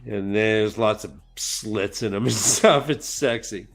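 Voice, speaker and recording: A man's voice: fairly low pitch, slow. A man co-hosting a podcast, retelling a book chapter in a rambling casual way with lots of restarts. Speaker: podcast co-host.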